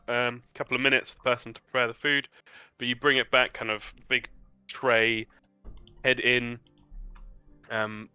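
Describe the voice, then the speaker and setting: A man's voice: fairly low pitch, bright, forceful tone, clean tone, no room sound. A man narrating a tabletop game as game master, loose and casual, with many fillers.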